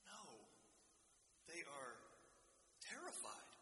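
A man's voice: medium pitch, fairly even intonation, normal speed, sharp tone. A man preaching a sermon in an earnest way, often restarting his sentences and building emphasis as he goes. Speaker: pastor. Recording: roomy hall with long reverb.

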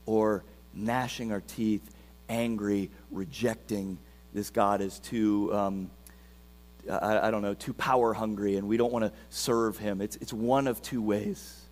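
A man preaching a sermon as pastor, asking rhetorical questions and moving between hushed and emphatic delivery. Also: on the low side, fairly even intonation, a little slow, faint music behind. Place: church sanctuary. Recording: reverberant church hall.

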